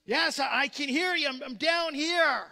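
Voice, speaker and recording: A man's voice: extremely high pitch, sing-song, slow pace, voice pushed up, full character voice. Man doing a panicked man dangling from a cliff. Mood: desperate. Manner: pleading, panicked shouting. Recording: long hall reverb.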